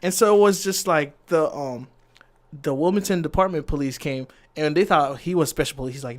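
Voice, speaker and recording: Brisk and fairly high-pitched, this male podcast co-host tells a relaxed work story. He performs the quotes with energy and grows irritated each time he's interrupted.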